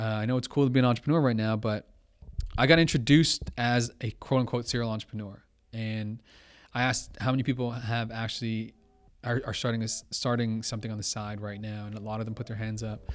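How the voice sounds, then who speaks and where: A young man speaks as a podcast guest, telling an anecdote with lively energy. He acts out both sides of a conversation and keeps it loose and casual. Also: mid-range voice, normal speed. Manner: animated, quotes others, says blah blah. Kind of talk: casual storytelling.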